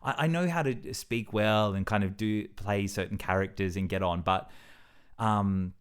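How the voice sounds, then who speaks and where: A man's voice: on the low side, a little slow, smooth. A young man talking through a casual, reflective vlog monologue, rambling and self-deprecating with plenty of fillers and restarts. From Australia. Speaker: vlogger.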